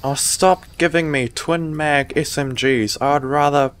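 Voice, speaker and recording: A man's voice: fairly high pitch, fairly even intonation, measured pace, fairly bright tone, a little hiss or hum. A man giving live gameplay commentary, muttering sardonically and swearing in sudden outbursts. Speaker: gaming YouTuber.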